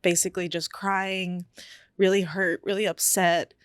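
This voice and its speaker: A lower-voiced young woman tells a candid personal story, unhurried and reflective and full of fillers. She is recorded close up in a dry, dead room. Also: level tone, clear, resonant tone, no echo.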